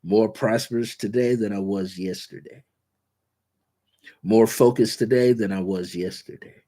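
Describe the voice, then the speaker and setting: A man hosting a guided spiritual talk, speaking in repetitive, incantatory affirmations and slowing down on key words. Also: on the low side, steady tone, dark tone. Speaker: spiritual teacher and show host.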